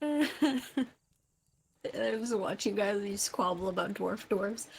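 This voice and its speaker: A woman's voice: mid-range voice, expressive, slow, creaky, husky. Woman game master, chill narration, laughs a lot. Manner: casual, often laughing, many fillers.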